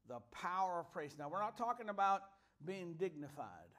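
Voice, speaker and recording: High-voiced preacher man, chatty to exuberant. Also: sing-song, fairly quick, hardly any pauses. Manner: chatty and storytelling, rising to loud exuberant preaching. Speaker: pastor. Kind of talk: sermon.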